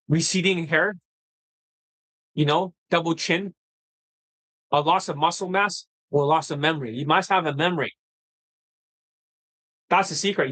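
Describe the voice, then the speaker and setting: Unscripted and combative, a dating-coach livestream host swears bluntly and repeatedly erupts into heated, excitable outbursts. He has a fairly high voice, captured on a low-quality recording.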